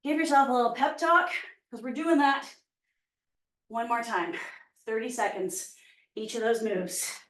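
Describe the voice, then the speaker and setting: Cueing moves and counting down reps breathlessly, a female instructor runs a workout class. Her voice is fairly high and a bit bright, unhurried, with frequent pauses. The room echoes and the mic is far from her.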